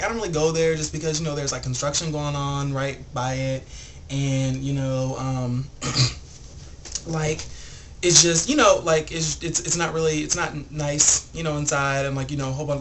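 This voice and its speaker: A man's voice: on the high side, background noise. Rambling young man telling a story. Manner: rambling, animated, heavy filler words. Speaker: vlogger. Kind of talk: casual storytelling vlog.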